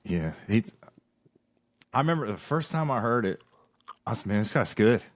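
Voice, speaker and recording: A man hosting a podcast in relaxed casual chat, quoting others in a raised voice. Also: lowish voice, normal speed, no echo. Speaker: podcast host.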